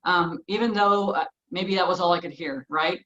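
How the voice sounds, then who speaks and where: A woman's voice: lowish voice, normal speed, a bit bright. A woman co-hosting a casual chat, speaking in a reflective, agreeable way. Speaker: co-host. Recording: muffled lo-fi audio with faint noise.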